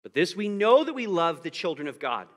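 A man's voice: high voice, big pitch swings, a little fast. Man preaching in a reverberant church. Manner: preaching with rising emphasis and rhetorical questions. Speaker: pastor. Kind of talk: sermon.

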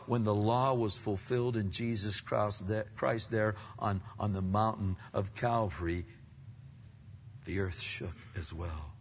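A man preaching a sermon. He swings between loud, emphatic peaks and hushed, low passages. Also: a little hiss or hum. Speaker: pastor. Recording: muffled sound with long hall reverb.

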